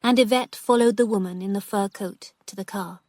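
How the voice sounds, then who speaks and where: A woman narrating a graded storybook for language learners in a clear, steady way. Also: mid-range voice, fairly quick, dry recording, studio quality.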